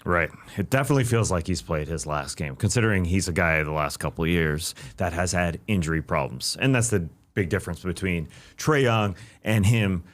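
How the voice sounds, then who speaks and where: A Canadian man co-hosts a casual sports podcast. His voice is low and he talks haltingly, restarting and repeating words. His delivery is relaxed. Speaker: podcast co-host.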